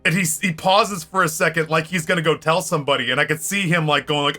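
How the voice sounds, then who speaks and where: Bright-voiced man telling a rowdy story. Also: fairly high pitch, fast talker, soft background music. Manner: animated, swears freely, laughs often. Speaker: streamer. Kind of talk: casual storytelling during a game stream.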